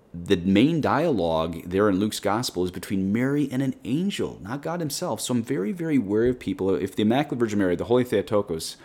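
A man with a very low voice teaches on prayer as a priest hosting his own podcast. He speaks in an earnest, direct and plain-spoken way, as if chatting with his listeners. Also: a little mellow. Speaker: Catholic priest and podcast host. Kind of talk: conversational spiritual teaching.

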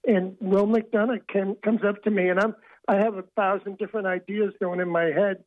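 A man's voice: sits high, fairly even intonation, normal speed, no echo. An older man, a book author, telling long rambling anecdotes as a radio interview guest, often restarting his sentences. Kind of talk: phone-in radio interview storytelling. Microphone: telephone. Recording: tinny phone line.

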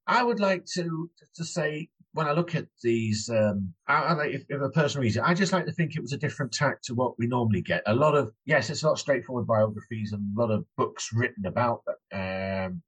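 A man's voice: medium pitch, lively intonation, a little fast, few pauses, husky, low-quality recording. A man in his thirties with an English accent, an author chatting in an interview, hesitant with many restarts. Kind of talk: casual interview chat.

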